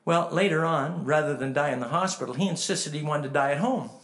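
A man preaching a storytelling sermon, swinging from hushed to emphatic and asking the listeners direct questions. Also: fairly high pitch, brisk.

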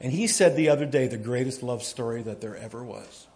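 A man preaching a sermon, telling folksy stories and jokes, his volume swinging from quiet to loud as he gets animated. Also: mid-range voice, brisk, a little hiss or hum. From United States. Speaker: pastor.

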